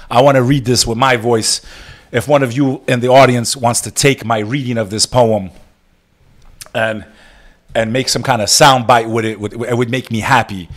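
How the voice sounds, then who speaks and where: A man with a fairly low voice hosts a live stream, preaching defiance with punchy, profane bursts. He drops into a subdued, somber tone when he talks about grief and loss, then builds the intensity back up. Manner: fiery, profane, preacher-like exhortation.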